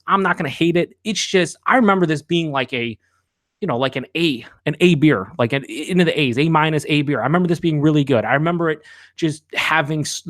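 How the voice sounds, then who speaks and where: A man's voice: mid-range voice, a bit bright, dry recording, studio quality. A man hosting a live beer review. He talks casually and candidly, rambles with fillers, swears now and then, and reads out viewers' chat comments.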